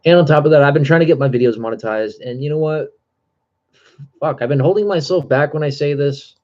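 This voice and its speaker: A man's voice: a little high, fairly quick, a little mellow, dull audio. A man talking casually on his live stream, out of breath, earnest and rambling with many fillers and restarts.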